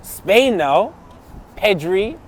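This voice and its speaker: A man with a London accent co-hosting a casual football chat, excitable, with loud outbursts and quiet asides. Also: high-pitched, extremely slow, a little hiss or hum. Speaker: podcast co-host.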